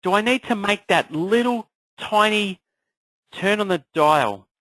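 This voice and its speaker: A man coaching an online class in an energetic motivational style, firing off rhetorical questions. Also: high-pitched, measured pace, no echo, rough recording. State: clearing a frog in his throat. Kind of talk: motivational live class talk.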